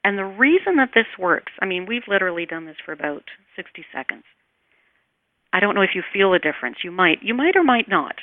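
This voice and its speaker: A woman teaching meditation in an interview, speaking calmly and soothingly, and her voice trails off softly as she guides the breathing. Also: mid-range voice, a little fast, dry recording. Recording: tinny phone line, dry.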